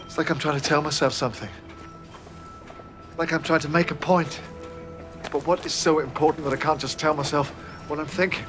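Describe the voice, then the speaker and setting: An actor with a Scottish accent playing a cranky, eccentric alien hero who rambles theatrically in a television drama. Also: male voice, fairly high pitch, steady tone, brisk, pauses often, over music, close to an everyday voice. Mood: grumpy musing. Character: newly changed eccentric male alien hero, middle-aged, cranky. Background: dramatic score.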